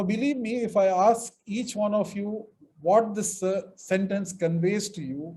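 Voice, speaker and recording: A man's voice: high-pitched, dark tone, a little hiss or hum, rough recording. A middle-aged man from India giving a webinar lecture on mediation, stressing words emphatically and acting out example sentences. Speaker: mediation trainer.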